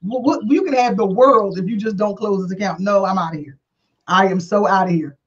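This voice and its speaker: A woman hosting a talk show, telling a story casually with animated, acted-out dialogue and frequent laughter. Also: fairly quick. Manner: animated, acts out quoted dialogue with big pitch jumps; laughs often while talking. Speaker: attorney and show host. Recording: dull lo-fi sound.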